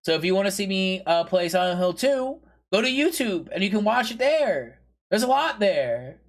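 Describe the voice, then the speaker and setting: A male streamer with a notably high voice talks casually to his viewers between games. He rambles, trips over fillers and restarts, and pushes his channel plugs in a playful, insistent way. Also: sing-song, moderate pace, a little hiss or hum. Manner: rambling, filler-heavy, chatty; pushy, playful plugging. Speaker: game streamer. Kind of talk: casual live-stream chat.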